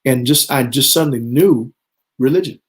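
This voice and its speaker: A bishop in his fifties, appearing as a guest, shares his personal testimony in conversation, earnestly acting out remembered dialogue. His medium-pitched voice moves at normal speed, and the recording is low quality.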